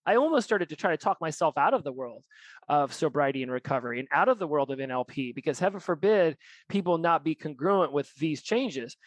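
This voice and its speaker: A man hosts a podcast in a candid, reflective way and swears now and then. His voice sits a little high for a man. The sound is dry and close. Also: expressive, fast talker, no room sound, poor audio. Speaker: podcast host. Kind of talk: casual podcast conversation.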